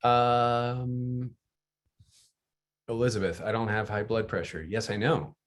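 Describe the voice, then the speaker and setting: A man's voice: mid-range voice, fairly even intonation, takes it slowly. A man co-hosting a video call, reading out viewer questions in an upbeat, friendly way. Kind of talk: casual moderating on a video call.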